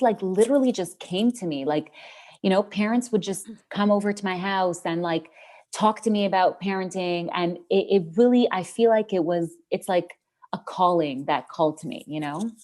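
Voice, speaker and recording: A woman's voice: medium pitch, normal speed, darkish tone. A woman guest on an interview podcast, earnestly retelling a story about parenting with many restarts and fillers.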